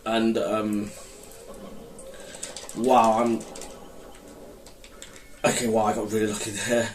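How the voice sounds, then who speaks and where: Guy rambling thru gameplay commentary, kinda low voice, lots of restarts, echoey room w faint hiss. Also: little pitch movement, takes it slowly. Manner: rambling, hesitant, self-correcting. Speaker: gaming channel host. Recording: roomy, mic held far off with faint noise.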